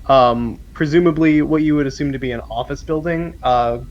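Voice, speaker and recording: A man's voice: a little high, moderate pace, lo-fi sound. A man narrating as game master, describing scenes with many ums and restarts. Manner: hesitant, lots of ums while describing.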